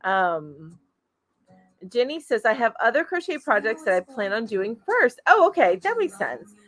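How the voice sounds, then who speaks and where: A woman's voice: on the high side, very animated, a little slow, soft background music. A woman hosting a casual crochet live stream, reading viewer comments aloud and chatting in a gushing way with lots of fillers. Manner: gushing and chatty, coos over her pet, many fillers. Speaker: host of a weekly crochet live chat.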